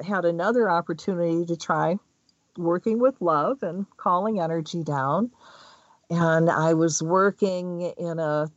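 A middle-aged woman telling personal stories in a casual spiritual talk, animated and often laughing as she speaks. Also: lowish voice, dry recording, dull audio. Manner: animated storytelling, laughs mid-sentence.

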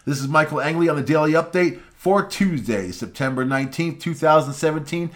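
A man's voice: a little high, brisk, a bit bright. A man hosting a daily talk radio update, giving loose, folksy, opinionated commentary and often tossing in "man.".

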